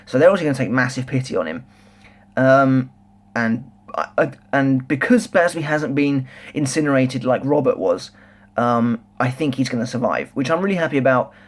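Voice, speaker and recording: A young man reviewing a manga chapter in a casual, rambling, excitable way, full of restarts and filler words. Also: medium pitch, normal speed. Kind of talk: casual solo review chat.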